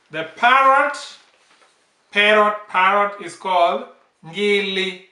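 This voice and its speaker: A man teaching bird names, saying each word slowly and repeating it several times. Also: high voice, expressive, pushed and bright. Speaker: language teacher. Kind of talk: slow vocabulary lesson, repeating each word. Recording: echoey room, off-mic.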